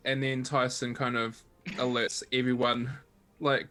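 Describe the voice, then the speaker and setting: A man playing a tabletop game, in a relaxed, jokey way, narrating what his character does. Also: mid-range voice, measured pace. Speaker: player. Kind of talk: casual tabletop game chat.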